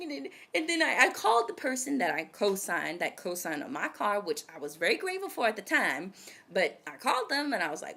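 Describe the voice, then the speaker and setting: A woman's voice: mid-range voice, fairly quick, gravelly. A woman in her twenties telling a personal story to her viewers in a casual vlog, dramatic and chatty. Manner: animated, dramatic storytelling that addresses viewers directly. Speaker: vlogger.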